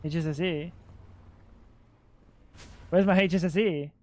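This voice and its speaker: Excitable swearing male streamer. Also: on the high side, unhurried. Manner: excitable, swearing, rambling talk to chat. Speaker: livestreamer. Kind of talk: casual gaming stream chatter.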